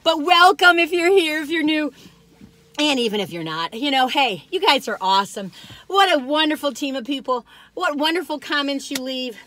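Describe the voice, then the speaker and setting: A woman's voice: high-pitched, lively intonation, normal speed, fairly bright tone. A woman in her sixties chatting casually as a cookie review vlogger, exuberant and rambling, breaking into whoops and laughter as she talks straight to her viewers. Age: 60s. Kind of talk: casual chat.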